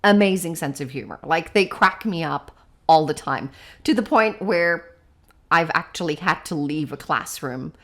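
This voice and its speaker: Woman, educator, podcast co-host, slightly low pitch, explanatory, frequent "right?", playful, animated. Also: measured pace. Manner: playful and animated when acting out examples. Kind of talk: casual podcast discussion.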